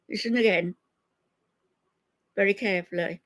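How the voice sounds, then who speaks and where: Gravelly older woman scolding viewers. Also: on the low side, measured pace. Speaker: livestream host. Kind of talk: casual livestream chat.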